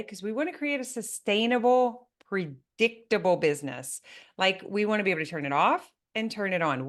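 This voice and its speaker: A woman hosting a business interview, speaking emphatically and turning to address the listeners as a coach. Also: lowish voice. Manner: animated, emphatic, talks directly to listeners. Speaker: business coach and podcast host.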